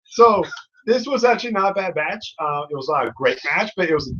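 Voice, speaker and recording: A man's voice: fairly high pitch, animated, fairly quick, a bit bright, dull audio. A man hosting a casual review chat, rambling with many fillers. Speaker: host.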